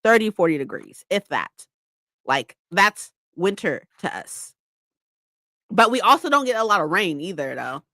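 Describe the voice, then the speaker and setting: A woman's voice: lowish voice, sing-song, unhurried, sharp tone, dry recording. A young woman from California chatting casually with viewers, swearing freely and laughing often. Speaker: streamer. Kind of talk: casual chat.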